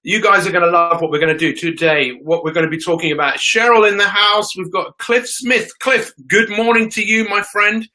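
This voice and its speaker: An upbeat man runs a live motivational stream, welcoming viewers by name before getting to his talk. His voice is bright and forceful and sits a little high. He speaks into his phone. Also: normal speed, few pauses, rough recording. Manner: energetic, greets viewers by name. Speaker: motivational show host.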